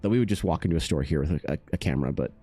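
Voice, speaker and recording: Low mellow-voiced male streamer chatting. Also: racing, slightly rough, soft background music. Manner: rambling, many fillers, reads chat aloud. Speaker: art streamer. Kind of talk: casual live stream chat.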